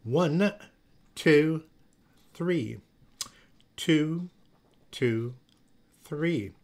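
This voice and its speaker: A man's voice: a little high, very animated. A man putting on a stern, showy woman ballet teacher. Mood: commanding. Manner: brisk, commanding, dramatic.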